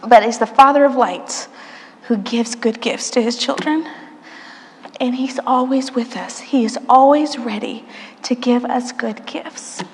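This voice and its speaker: A woman delivers a sermon from a church, her voice set a little high and trailing into a long hall reverb. She tells stories with playful asides and now and then drops to a soft hush. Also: a little hiss or hum. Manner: warm storytelling, playful asides, soft hushed moments. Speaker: preacher.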